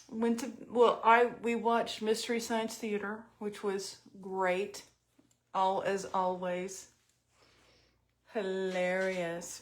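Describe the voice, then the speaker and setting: A middle-aged woman chatting at home in a casual storytelling vlog while doing her makeup, self-mocking and talkative. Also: mid-range voice.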